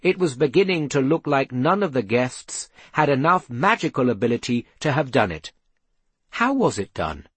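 Man, husky voice, lively pitch, audiobook narration, dry close sound. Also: normal speed, no room sound. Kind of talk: scripted narration.

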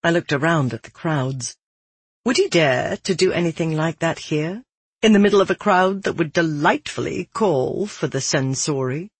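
An audiobook narrator reading first-person fiction at a steady, measured pace. The voice is slightly husky and sits at a middle pitch. The recording is dry and close, with no room sound. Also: no room sound.

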